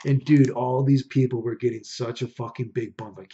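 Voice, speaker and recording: A man's voice: medium pitch, flat delivery, normal speed, few pauses, mellow, slight background noise. A young man telling a profane, ranting story in casual podcast chat, saying "dude" again and again. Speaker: podcast host. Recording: dull lo-fi recording.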